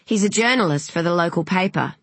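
A woman's voice: fairly low pitch, animated, fairly bright tone, dry recording. A narrator voicing an outspoken, hot-tempered woman, mother of young kids. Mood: chatty. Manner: emphatic, quick to flare up.

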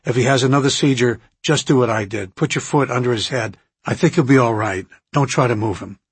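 A man with a husky voice voicing a brisk male doctor who gives quick, clipped orders in a storybook reading. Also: medium pitch, no room sound. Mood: urgent.

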